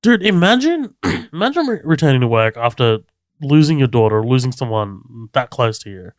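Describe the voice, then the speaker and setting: A man co-hosting a casual podcast, talking through a TV episode in a relaxed way and swearing easily. His voice is smooth and resonant. The sound is dry and close, with no room to it. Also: medium pitch, normal speed, no echo. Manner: laid-back, swears freely, laughs often. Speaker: podcast co-host. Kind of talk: casual chat recapping a TV episode.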